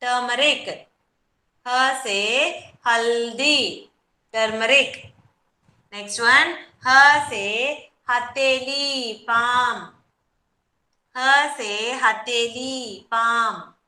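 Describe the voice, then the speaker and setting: Woman teacher drilling little kids, super slow, high voice, echoey room. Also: sharp tone. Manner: slow, syllable-by-syllable drilling, praising children. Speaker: kindergarten teacher. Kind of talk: online class teaching Hindi letters.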